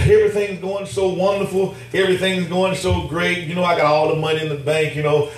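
A man with a fairly high voice preaches a lively sermon, laughing as he acts out both sides of his talks with God. He sounds far from the mic, his voice ringing around a very echoey church. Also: fairly quick. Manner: animated, laughing preacher acting out dialogue with God. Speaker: pastor.

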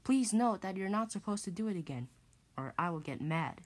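A woman's voice: mid-range voice, expressive, fairly quick. A woman reading a scripted computer error announcement, repeating stern warnings over and over.

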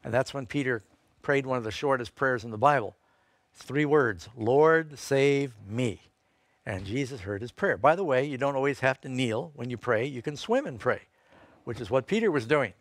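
A man's voice: medium pitch, no room sound. A man preaching a sermon, telling a scripture story and quoting verses, lifting his voice for emphasis. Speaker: pastor.

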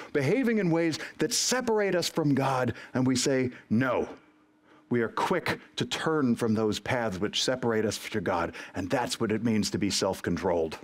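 Emphatic man preaching a sermon. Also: fairly high pitch. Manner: earnest, emphatic, breaks into acted prayers and quotes. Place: church service recorded for online stream.

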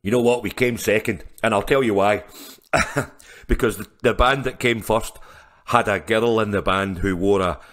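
Speaking at a moderate pace with a fairly low yet slightly bright voice, a musician guest on a podcast swaps stories in casual interview chat. He laughs frequently and often starts over mid-thought.

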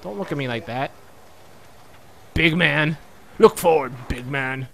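Young guy doing goofy let's-play commentary, high-ish bright voice, jumps all over the place pitch-wise. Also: animated, measured pace, creaky, pauses often. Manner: goofy, talks back to game characters, frequent laughs. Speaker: gaming let's-player. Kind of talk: comedic gameplay commentary.

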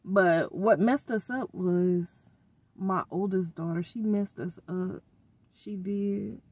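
Speaking slowly with a breathy edge and a medium-pitched voice, a middle-aged vlogger vents her exasperation over her kids in expressive, slangy language. The recording is dry and the audio sounds dull.

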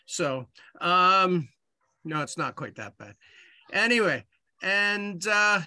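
Canadian guy on a video call, high bright voice, chatty with little jokes, lots of ums. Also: animated, slow, dry recording. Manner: chatty, joking asides, many fillers. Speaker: committee member opening a meeting. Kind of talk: casual meeting talk. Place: home office on a video call. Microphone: computer mic on a video call.

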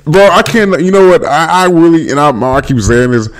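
A young man from Northern California, hosting a casual phone livestream with a voice his viewers single out. He jokes loosely and reads out comments and shout-outs. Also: on the high side, lively intonation, brisk. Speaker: livestream host. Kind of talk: casual livestream chat reading comments aloud.

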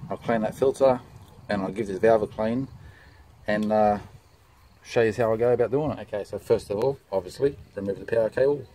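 A man giving a casual step-by-step commentary on a car repair. He talks in a relaxed way with many "uh" fillers, and his voice drops quieter while his hands are busy. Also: fairly low pitch, a little hiss or hum, low-quality recording. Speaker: DIY car mechanic.

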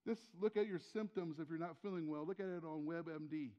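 A man's voice: on the high side, fairly quick, warm tone, in a large hall, muffled recording. An older man preaching a sermon as pastor in a church, talking in a conversational way, asking rhetorical questions and repeating key phrases. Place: church sanctuary.

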